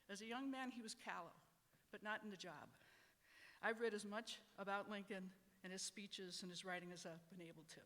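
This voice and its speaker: A middle-aged law professor from Wisconsin giving prepared panel remarks in a wry, measured, reflective way. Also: medium pitch, pushed and bright, long reverb tail.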